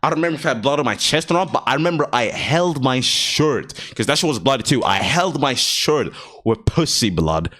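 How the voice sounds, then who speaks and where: A man's voice: medium pitch, animated, brisk, fairly bright tone. A young man vlogging a casual storytime, slangy and profane, laughing often and sometimes dropping to a near-whisper.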